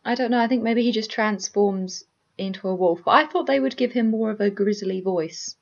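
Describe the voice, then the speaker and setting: A young woman co-hosting a podcast, reacting to anime scenes in a relaxed, casual way. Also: medium pitch, normal speed, gravelly. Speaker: podcast co-host. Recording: slightly dull lo-fi audio.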